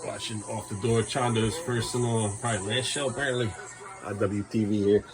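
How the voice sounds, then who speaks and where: A man's voice: fairly low pitch, steady tone, fairly quick. A man filming a casual family vlog at home, coaxing and bantering with his small children. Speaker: father vlogging his day with his sons.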